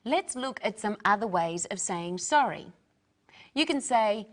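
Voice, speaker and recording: A woman co-hosting a scripted English lesson, modelling each phrase clearly for learners to repeat. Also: a little high, lively intonation, normal speed. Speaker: English teacher, co-host.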